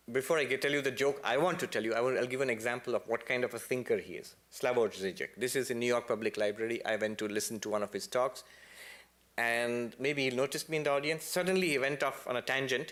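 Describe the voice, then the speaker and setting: This is a man lecturing a temple congregation on spirituality, recounting stories with liveliness. He slips in playful comments and now and then rises into sudden high, forceful peaks.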